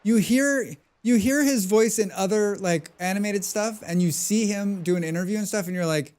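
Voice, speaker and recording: With a high, slightly mellow voice at a normal speed and few pauses, a man provides casual commentary while streaming a game. He rambles on and jokes at his own expense.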